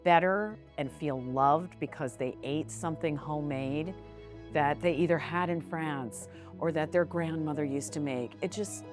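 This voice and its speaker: A woman's voice: low voice, measured pace, over music. A woman who owns a small business, talking frankly and animatedly in a casual interview and using fillers like "like" and "you know". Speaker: business owner, interview guest.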